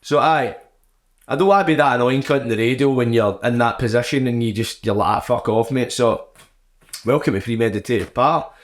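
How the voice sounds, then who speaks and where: A man's voice: mid-range voice, brisk. Crude, joking Glaswegian man. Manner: crude, joking banter full of swearing. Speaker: podcast host. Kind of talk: casual chat.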